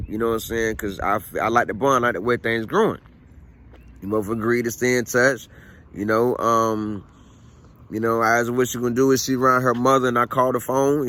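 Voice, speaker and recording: In this casual storytelling vlog, a chatty male vlogger recounts a family story. His mid-range voice has a fairly bright tone, with a little hiss or hum underneath. He talks conversationally, repeats phrases, and often says "you know what I mean."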